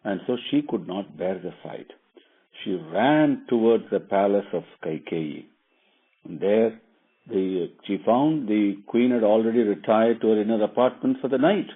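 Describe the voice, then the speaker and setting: A man's voice: fairly low pitch, measured pace, husky. A man telling a religious epic as a casual lesson, meandering and savoring details. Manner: meandering, with fillers and restarts, relishing details. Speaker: storyteller and teacher. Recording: tinny phone-like line.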